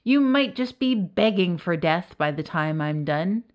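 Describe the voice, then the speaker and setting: A woman's voice: lowish voice, lively intonation, a little slow. Gloating old witch, ominous, dips into whispers; a woman reads her. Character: old witch Baba Yaga, female, ominous.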